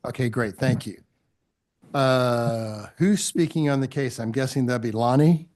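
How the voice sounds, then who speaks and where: A man chairing a public board meeting, swearing people in courteously and pausing with fillers. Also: mid-range voice, a little mellow. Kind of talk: formal public meeting procedure. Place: meeting room with podium.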